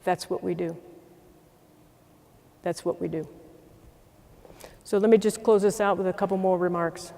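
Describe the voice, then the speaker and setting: A middle-aged man leads a closing address from a stage. His fairly high voice carries a long hall reverb as he tells an animated story. He builds to firm, repeated rallying phrases. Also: measured pace, gravelly, long pauses. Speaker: military commander giving a closing address. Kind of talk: speech with storytelling.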